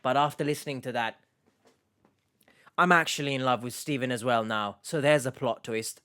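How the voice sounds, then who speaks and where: A man's voice: medium pitch, moderate pace, bright, forceful tone, clean tone. A man giving sarcastic, exasperated reaction commentary on a video clip.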